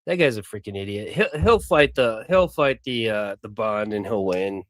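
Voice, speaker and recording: A man's voice: on the low side, animated, normal speed, no room sound. Brief: male commentator, casual, mocking asides, dry room.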